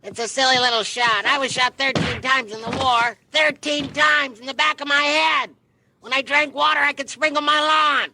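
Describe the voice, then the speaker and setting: An actor playing a gruff, boastful middle-aged cartoon dad who shouts as he talks. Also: extremely high pitch, fairly even intonation, moderate pace, background noise. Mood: blustering. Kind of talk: cartoon dialogue clip.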